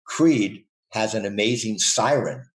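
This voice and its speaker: A man's voice: lowish voice, lively intonation, a little slow. An older man, a guest in a casual podcast interview, telling playful, rambling stories and laughing often. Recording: roomy echo.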